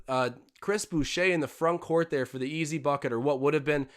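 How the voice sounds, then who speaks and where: A young man hosting a live watch-along stream, commentating on a basketball game and getting excitable on big plays. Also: fairly quick, few pauses. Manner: excitable, jumps up in pitch and volume on big plays. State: out of breath. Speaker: livestream host doing game commentary.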